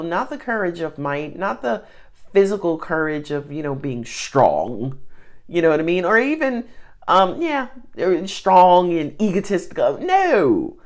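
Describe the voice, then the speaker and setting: A woman giving a casual tarot reading, chatty and emphatic, with frequent asides. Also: on the low side. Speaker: tarot reader.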